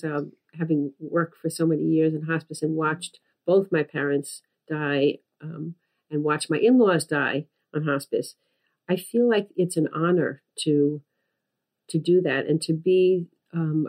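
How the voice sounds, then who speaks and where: A woman co-hosting a podcast, a former hospice worker, speaking calmly and reflectively with pauses. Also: deep voice. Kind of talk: casual conversation.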